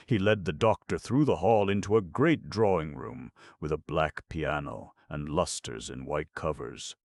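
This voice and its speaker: A male audiobook narrator with an extremely low, gravelly voice reads classic fiction in a measured, literary manner. The recording is dry and close, with no room around it. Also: no echo. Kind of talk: scripted narration.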